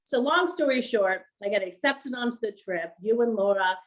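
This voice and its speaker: A middle-aged woman telling her story as an interview guest, animated and laughing often as she acts out quoted voices. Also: a little high, normal speed, low-quality recording. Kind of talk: storytelling on a livestream.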